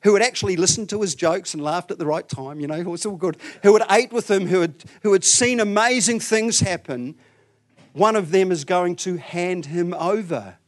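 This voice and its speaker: A man delivers a sermon in an animated storytelling way, his slightly high voice climbing and dropping as he plays out the people in the story. He talks to the congregation directly and acts out the scene. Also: moderate pace. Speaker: preacher.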